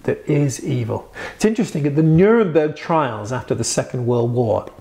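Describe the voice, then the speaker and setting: A man's voice: medium pitch, lively intonation, moderate pace, warm tone. A man preaching in a Q&A teaching, earnest and conversational, rising into emphatic bursts.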